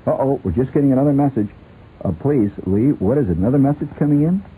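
A man's voice: medium pitch, expressive, fast talker, husky. Rambling playful male radio host. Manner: playful, rambling, laughs often. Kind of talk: rambling comic radio talk. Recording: tinny lo-fi radio with faint hiss.

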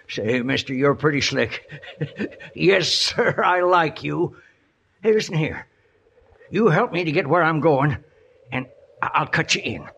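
Grizzled old outlaw, Old West drawl, gravelly, sly, swooping high voice, old radio play, dull sound. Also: male voice, animated, slow, long pauses, sharp tone, heavily acted. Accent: American Old West drawl. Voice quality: gravelly, folksy backwoods grammar. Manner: groaning, wheedling and sly. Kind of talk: 1950s radio drama acting.

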